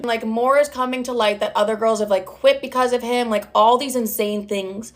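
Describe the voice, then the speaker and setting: A woman with a slightly high voice tells a personal story in a loose, chatty way. She is blunt and emphatic and swears freely as she pushes her points. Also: steady tone, moderate pace, hardly any pauses. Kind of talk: casual storytime narration.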